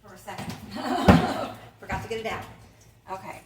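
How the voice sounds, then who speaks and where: A woman's voice: medium pitch, animated, normal speed, distant mic. Chatty woman in an echoey kitchen. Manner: chatty and rambling, laughs often. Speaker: home cook and channel host. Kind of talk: casual cooking vlog. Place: home kitchen. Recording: echoey room, voice off-mic, faint noise.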